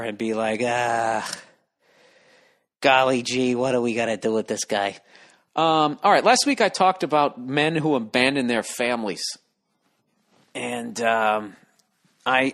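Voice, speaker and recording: A man's voice: medium pitch, a bit bright. A middle-aged man hosting a solo podcast, rambling in a sarcastic, profane rant full of asides. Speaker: podcast host.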